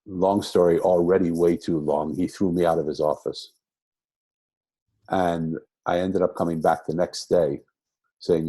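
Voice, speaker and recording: A man's voice: sits low, steady tone, unhurried, warm tone, slightly rough, dry recording. An older man, a rabbi, telling his life story in an interview, reflective and rambling with many restarts. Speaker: guest, rabbi.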